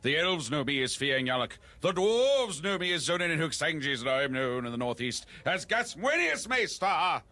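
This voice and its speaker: A man's voice: on the high side, sing-song, normal speed, few pauses, pushed and bright. A man playing a grandiose, pompous male wizard who speaks in archaic language on an improvised comedy podcast.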